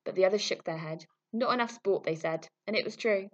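A woman reading a storybook aloud with lively expression. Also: medium pitch, brisk. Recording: muffled lo-fi recording.

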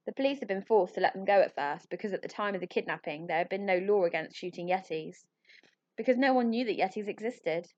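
A woman narrating a children's storybook in a clear, expressive reading voice. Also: mid-range voice, quick pace. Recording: slightly muffled audio.

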